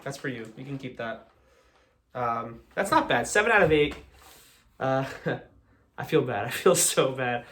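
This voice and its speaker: A man's voice: mid-range voice, fairly bright tone. A young American man doing live magic patter, chatty and joking at his own expense. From United States. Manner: chatty, joking, self-deprecating.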